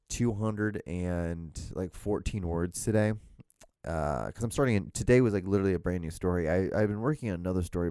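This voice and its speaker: A man's voice: fairly low pitch, mellow, no room sound, clean studio sound. A man hosting a casual solo podcast from a small room at home, rambling with restarts and the odd swear word. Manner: rambling, self-interrupting, with frequent restarts and swearing. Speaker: podcast host. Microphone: podcast microphone.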